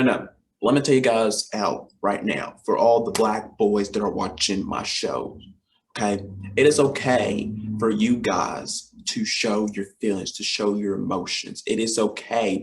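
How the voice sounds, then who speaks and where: A lively young man in his twenties talks straight to his audience in a somewhat low voice, keen and full of repeats and fillers. A faint hiss of noise sits under the recording. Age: 20s. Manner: enthusiastic, repetitive, lots of fillers and direct address. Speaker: host. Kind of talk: casual solo talk show.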